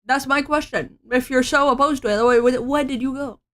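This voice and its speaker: A woman's voice: high-pitched, fairly even intonation, fairly quick, a bit bright. A woman streamer reading webtoons aloud, breaking off into joking, self-mocking comments.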